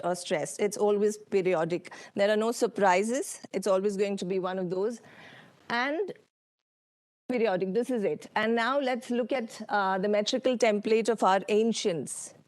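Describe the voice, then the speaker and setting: A woman with an Indian English accent presenting a lecture with slides, unhurried, with many ums and uhs and questions to the audience. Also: mid-range voice, darkish tone, dry recording. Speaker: workshop speaker. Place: conference hall.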